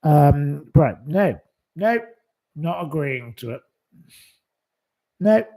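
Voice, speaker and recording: A man's voice: a little high, animated, very slow, creaky, dark tone. A man hosting a live stream, indignantly scolding commenters in blunt, profane, repetitive retorts. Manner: repeats short dismissals.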